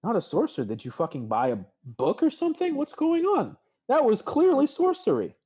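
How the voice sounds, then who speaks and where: A man's voice: mid-range voice, moderate pace, warm tone, natural voice. A man voicing a brash, blunt young woman who swears freely, on slightly dull audio.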